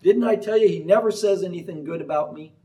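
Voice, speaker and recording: A man's voice: sits high, quick pace, mellow. A man doing a sulking petulant king. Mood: complaining. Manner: complaining. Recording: voice from far off the mic.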